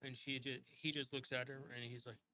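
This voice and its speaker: A man's voice: mid-range voice, flat delivery, a little fast, sharp tone, a little hiss or hum, rough recording. A man running a tabletop game as game master, narrating in a rambling way with many restarts. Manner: rambling, full of fillers and restarts.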